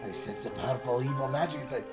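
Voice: mid-range voice, fast talker, voice pushed down, natural voice. A let's-player voicing a grandiose, dramatic pigeon girl from a dating game, with theatrical, solemn delivery. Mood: ominous. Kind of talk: reading game dialogue aloud. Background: game music.

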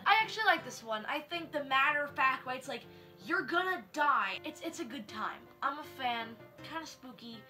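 A young woman with a high, very bright voice reviews spooky stories with sarcastic, slangy deadpan humor. Soft music plays faintly underneath. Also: moderate pace. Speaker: host. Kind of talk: comedic story review.

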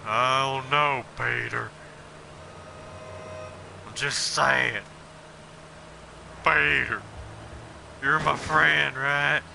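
A man doing Joe Swanson, gruff cartoon cop. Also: mid-range voice, fairly even intonation, very slow, long pauses, bright, forceful tone, slight background noise, full character voice, poor audio. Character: gruff adult male cartoon cop, loud and blunt.

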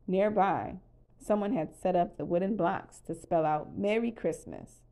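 A woman calmly narrating a children's storybook read-aloud. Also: fairly low pitch, measured pace. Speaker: storybook reader.

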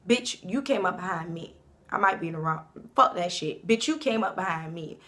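A young woman in her twenties from Savannah, Georgia, talking brashly and profanely about herself to camera, breaking into loud bursts. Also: on the low side, expressive, normal speed. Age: 20s. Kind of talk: casual self-introduction to camera.

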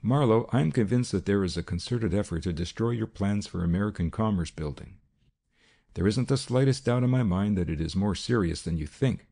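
A keyed-up male detective voiced by a man in an audiobook, low and urgent with a gravelly, husky edge. His tone is dark and a little pitched up from the narrator's own deep voice. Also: lively intonation, fairly quick, heavily acted. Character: tense, hushed adult male detective. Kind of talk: audiobook character reading.

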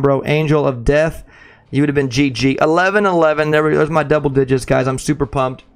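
A young man streaming a shooter game live, chatting excitedly with viewers and calling them bro. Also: a little high, creaky. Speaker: gaming streamer. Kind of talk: live gameplay commentary.

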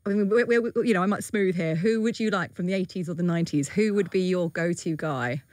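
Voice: medium pitch, fairly quick, no room sound, studio quality. A radio presenter interviewing a guest, asking playful, teasing questions.

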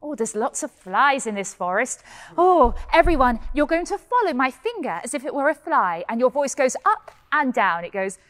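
A woman's voice: sits high, sing-song, normal speed, fairly bright tone, a little hiss or hum. A woman playing a cheery young fairy-tale heroine, giggling and sing-song as she leads a pantomime vocal lesson for children. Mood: cheerful. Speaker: pantomime performer teaching children. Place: indoor hall.

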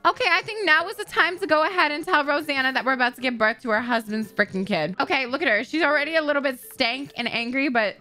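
A woman's voice: sits high, fast, hardly any pauses, sharp tone, faint music behind. A young adult woman doing dramatic let's-play commentary over a life-sim game, swearing freely, gasping and laughing. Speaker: gaming video host.

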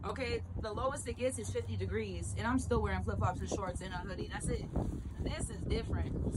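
A woman's voice: a little high, fairly quick. A woman from Arizona, a musician and street evangelist, talking in a fervent, preachy casual vlog outdoors by a store. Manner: fervent, preachy, says things loudly. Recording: outdoor street noise with traffic.

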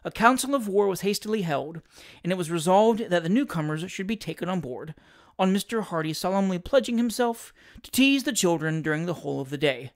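An audiobook narrator delivers a classic comic story with theatrical expressiveness, speaking a little fast. The pitch stays at an even middle height overall but shifts a great deal from phrase to phrase.

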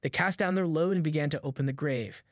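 A man reading a novel aloud in steady, measured audiobook narration. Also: on the high side, dry recording, studio quality.

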